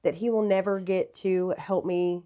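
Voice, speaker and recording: A woman's voice: fairly low pitch, fairly even intonation, normal speed. A woman in her thirties, a guest in an interview, speaking candidly and reflectively. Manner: candid, reflective, softly spoken. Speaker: guest sharing a testimony. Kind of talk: personal testimony in an interview.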